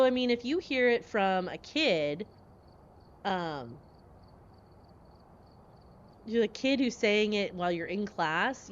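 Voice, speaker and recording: A woman in her forties talks casually to her stream chat, animated and chatty and quick to laugh. Her voice sits at a middle pitch. The sound is slightly dull, with a faint hum behind it.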